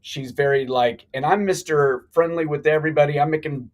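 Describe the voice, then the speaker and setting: A man's voice: on the high side, fairly quick, rough recording. Rambling middle-aged man telling a story. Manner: animated, rambling, many restarts. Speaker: guest. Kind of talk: storytelling in a live talk show.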